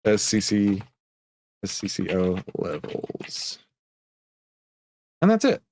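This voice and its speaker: A man's voice: medium pitch, sing-song, a little slow, long pauses. A man hosting a live trading stream, chatting casually and joking with viewers in the chat.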